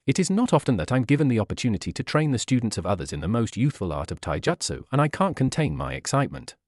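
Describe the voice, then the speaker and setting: A man reading aloud as a loud, overexcited adult male martial arts teacher in a fan story. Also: medium pitch, very animated, quick pace, no room sound, clean studio sound. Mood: boisterous. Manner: boisterous, grandiose.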